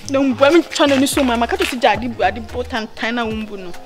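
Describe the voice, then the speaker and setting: Ghanaian woman, high and bossy, comedy skit, loud music bed. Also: fast talker. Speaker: comedy actor. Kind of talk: skit dialogue.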